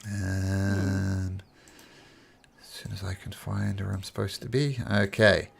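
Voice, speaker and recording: A man's voice: low-pitched, level tone, slow, creaky, slightly rough. A man narrating as a tabletop game master, rambling with many fillers.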